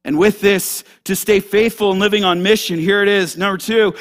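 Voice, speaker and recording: A man pastor preaching a sermon to a congregation, animated and direct, moving between loud emphasis and hushed asides. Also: sits high, normal speed. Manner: animated, talks straight to the congregation.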